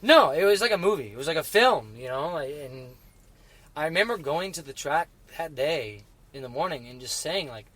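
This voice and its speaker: A middle-aged man telling racing stories in casual conversation, halting and full of restarts, growing emotional as he remembers. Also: on the high side, lively intonation, a bit bright. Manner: halting, many restarts and fillers, emotional when recalling. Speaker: guest. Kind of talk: casual interview chat.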